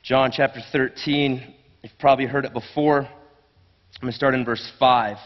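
A man's voice: mid-range voice, fairly even intonation, moderate pace, long reverb tail, lo-fi sound. A man preaching a sermon in an earnest, conversational way, often restarting his phrases. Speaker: pastor.

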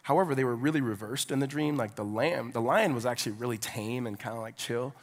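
A man's voice: medium pitch, fast talker. A man in his thirties preaching a sermon as a pastor, telling personal stories in a loose, conversational way with many fillers. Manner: conversational storyteller, filler-heavy, with rising preaching fervor. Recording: long reverb of a large hall.

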